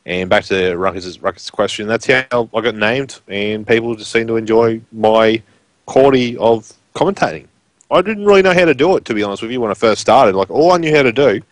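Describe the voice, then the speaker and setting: His voice sits on the low side with no echo. He is a guest commentator on a live stream with a broad rural Queensland Australian accent, chatting in a loose, rambling, filler-laden way.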